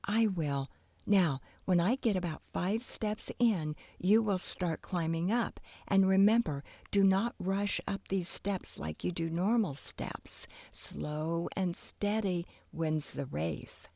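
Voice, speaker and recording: A woman voicing an exasperated, bossy young girl in a children's storybook, shrill and impatient. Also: slow pace, creaky, warm tone, no room sound, heavily acted. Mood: urgent.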